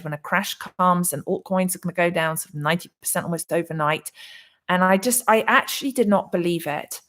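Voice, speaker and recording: A woman from England hosting a casual crypto livestream, chatting as she reads out viewer comments, rambling with many restarts and fillers. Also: on the low side. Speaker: crypto channel host. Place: her condo in Arizona.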